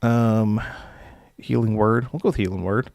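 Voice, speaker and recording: A man's voice: fairly low pitch, a little slow, gravelly, darkish tone, dry recording. A young man casually hosting a live stream as dungeon master, rambling with filler words and chuckling as he reads viewer comments.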